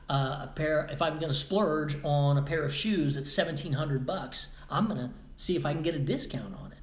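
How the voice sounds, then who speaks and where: Male podcast host, lively motivational talker who wanders off topic, roomy echo on the mic. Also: a little high. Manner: animated, acts out quoted voices, rambling asides. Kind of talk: motivational monologue.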